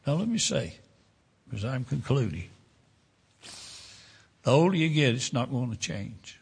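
A man preaching a sermon, telling a story in a folksy, unhurried way. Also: medium pitch, very animated, gravelly, slightly rough. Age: 70s. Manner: folksy storytelling, drawn-out pauses.

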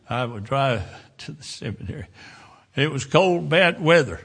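Gravelly-voiced preacher in his seventies. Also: medium pitch. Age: 70s. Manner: folksy storytelling, drawn-out pauses. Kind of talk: sermon with a personal story.

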